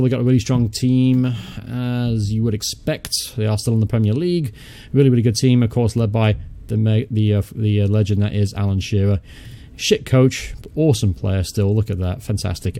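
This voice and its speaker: Young male let's-play host, low-ish mellow tone, chatty, mutters and swears offhand. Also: fairly quick, hardly any pauses. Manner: chatty, thinks aloud, mutters and swears casually. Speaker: gaming channel host. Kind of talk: casual let's-play commentary.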